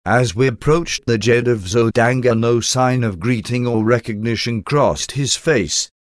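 A man reading first-person adventure narration in a formal, measured storytelling manner. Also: medium pitch, no echo, clean studio sound. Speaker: audiobook narrator.

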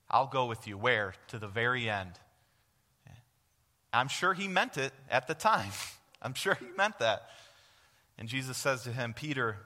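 A guest preacher with a bright, forceful, medium-pitched voice delivers an earnest, direct sermon, often posing questions to the congregation and answering them himself. The church sanctuary gives his words a long, ringing reverb.

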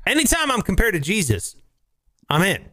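A man's voice: high voice, huge pitch swings, moderate pace, sharp tone. A man with a Southern accent co-hosting a podcast, joking around and slipping into silly character voices. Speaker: podcast co-host. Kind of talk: joking banter with put-on voices.

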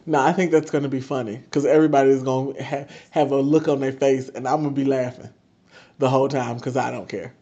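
A woman co-hosting a casual chat, playful and quick to laugh, with a drawn-out delivery. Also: very deep voice, steady tone, dark tone, lo-fi sound. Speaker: co-host.

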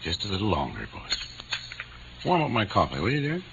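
A man's voice: fairly low pitch, huge pitch swings, fairly quick, gravelly, fairly bright tone, full character voice. An actor playing an easygoing middle-aged father in an old radio drama, humoring his daughter. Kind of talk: 1950s radio drama acting. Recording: dull old radio broadcast with faint hiss.

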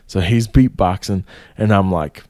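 A man's voice: low voice, measured pace, dry recording. Male storyteller, casual, salty language, dry close sound. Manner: profane, animated storytelling with frequent swearing.

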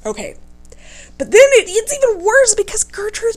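A woman hosting a podcast, retelling a story in a casual, animated way, indignant and swearing freely. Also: very high-pitched, normal speed. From United States.

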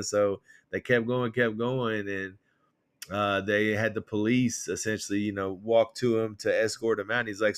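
A man co-hosting a political podcast, rambling and animated as he retells stories with quoted voices. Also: on the low side, normal speed, clean tone. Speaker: podcast co-host. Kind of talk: casual political chat.

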